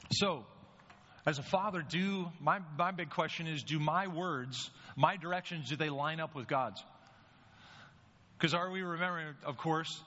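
A man preaching with a bright, forceful voice, speaking casually and tossing rhetorical questions to his listeners. The sound rings with a long hall reverb, and the recording is dull and lo-fi. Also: fairly high pitch. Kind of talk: sermon.

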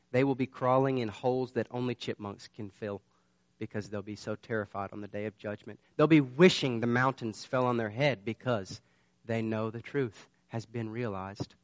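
A man's voice: medium pitch, no echo. A man preaching a sermon. He tells a personal story in an earnest, conversational way and turns it into urgent warnings. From southern United States. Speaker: pastor.

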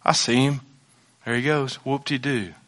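A male pastor preaching a sermon to his church, swinging from loud exclamations to low, hushed asides. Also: lively intonation, normal speed.

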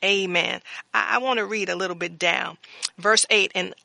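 Preacher type, gravelly and bright-edged, dry close sound, reads verses then adds fervent amens. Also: medium pitch, steady tone, moderate pace, no room sound. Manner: reads scripture aloud with fervent interjections. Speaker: Bible teacher. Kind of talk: Bible study teaching with scripture reading.

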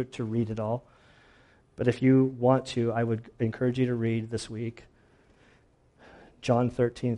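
A man's voice: medium pitch, mellow. Earnest male pastor preaching a sermon. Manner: earnest, personal storytelling, voice breaking with emotion.

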